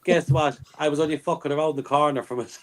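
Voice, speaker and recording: An Irish man rattles through a story at a brisk clip, his voice a touch high. He talks casually and swears freely on a video call. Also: fairly even intonation. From Ireland. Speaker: quiz contestant. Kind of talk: casual chat.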